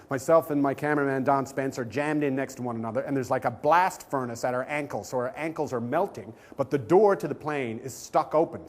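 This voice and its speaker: Man telling a comic anecdote. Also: medium pitch. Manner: animated storytelling, acting out quoted voices. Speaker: comedian telling a story. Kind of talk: comic anecdote on a talk show.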